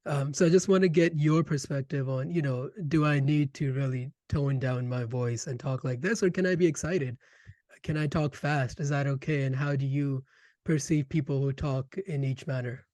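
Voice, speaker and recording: A man hosting an interview, asking questions in an eager, animated way. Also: fairly high pitch, moderate pace, no room sound. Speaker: podcast host. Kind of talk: conversational interview.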